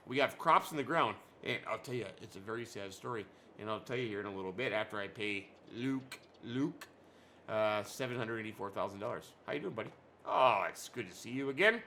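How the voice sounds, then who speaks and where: A man with a bright, forceful voice hosts a casual let's-play video. He rambles and jokes, often stopping to correct himself partway through a sentence. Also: mid-range voice, a little hiss or hum. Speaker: gaming channel host.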